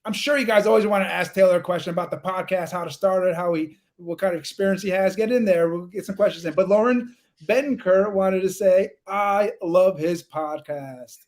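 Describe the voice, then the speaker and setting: A man's voice: sits high, a little fast, hardly any pauses. A man from New York with a New York accent, hosting a live-streamed interview in an upbeat, chatty way and calling on viewers to comment. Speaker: livestream host.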